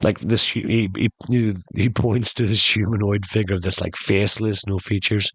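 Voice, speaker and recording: A man's voice: lowish voice, steady tone, moderate pace, husky, dry recording. A man hosting a podcast, telling a joke story in a rambling way. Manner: rambling, with filler likes and restarts. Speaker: podcast host.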